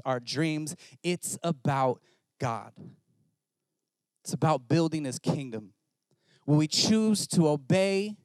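A male pastor preaching a sermon, telling a story in an animated, self-mocking way. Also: medium pitch, smooth, dry recording.

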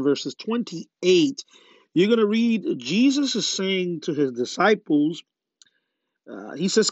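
A man's voice: a little high, no echo. A man preaching a podcast sermon with fervor, often putting questions to his listeners. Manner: fervent, asks listeners rhetorical questions. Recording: dull lo-fi dry sound.

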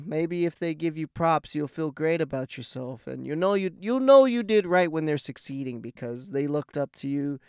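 A man's voice: medium pitch, clear, resonant tone, no room sound, clean studio sound. A young man vlogging, telling a casual story in a rambling, profane way.

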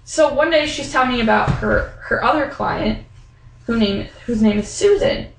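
A woman's voice: on the high side, normal speed, vocal fry, roomy sound, slight background noise, low-quality recording. A young woman chatting casually, telling a story with lots of fillers and acting out the voices of the people in it. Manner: animated storytelling, acts out quoted voices; many fillers like "like" and "um". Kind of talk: casual chat.

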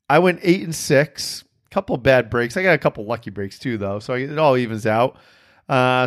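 Man, podcast host, casual chat, rambling, profane, laughs at himself, mid-pitched voice. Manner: rambling, profane storytelling with self-mocking laughs.

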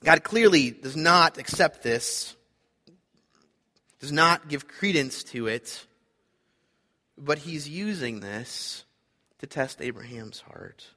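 A man's voice: on the high side, expressive, slow pace, long pauses, sharp tone, long reverb tail. A man preaching a sermon, earnest and emphatic, repeating his key points. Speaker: pastor.

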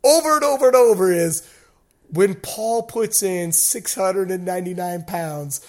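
Male podcast host, high-pitched, animated storyteller who swears freely. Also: a little slow. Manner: animated storytelling, acts out shouted quotes. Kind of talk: casual chat.

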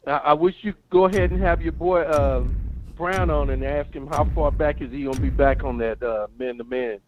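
Man, coach calling in, easygoing, a bit high, phone-like sound. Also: steady tone, normal speed, background noise. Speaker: caller, a coach. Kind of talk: casual phone call-in. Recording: tinny phone line.

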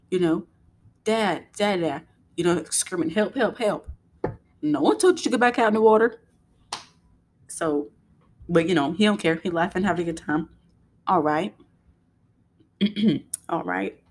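Chatty young woman, low-pitched. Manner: chatty, laughing asides, quoting herself scolding her son. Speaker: podcast host. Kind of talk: casual storytelling monologue.

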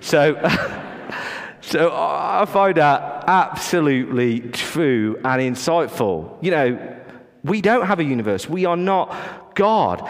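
Animated man preaching in an echoing hall. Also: fairly high pitch. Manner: earnest, animated, with frequent restarts and asides. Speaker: pastor. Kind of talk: sermon.

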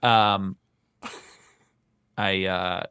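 A man's voice: sits low, level tone, extremely slow, pushed and bright, clear, resonant tone, no room sound. A man co-hosting a comedy podcast, teasing and exasperated with his co-host, often laughing as he talks. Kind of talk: casual comedic chat.

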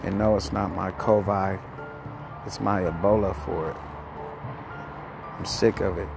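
A man rants on his podcast in a rough, gravelly voice, cursing freely as his thoughts tumble out. He sounds a little short of breath as he vents, and faint music plays in the background. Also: sits low, fairly even intonation, a little slow. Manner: profane, heated, rambling. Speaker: podcast host. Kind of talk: ranting monologue.

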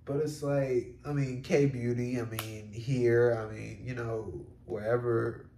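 A man muses aloud in a solo podcast, rambling and loose, leaning on fillers and casual swearing. His voice is low-set and mellow, with a gravelly edge, and he speaks at an unhurried pace. The room gives a noticeable echo. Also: fairly even intonation, slight background noise. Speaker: podcast host. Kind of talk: solo reflective podcast monologue. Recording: roomy echo.

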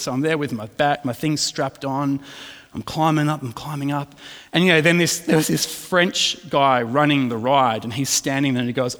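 A man's voice: mid-range voice, moderate pace, fairly bright tone. A middle-aged man preaching a sermon, chatty and self-deprecating in his stories and earnest in his teaching. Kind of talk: sermon with personal anecdote. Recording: long reverb in a hall.

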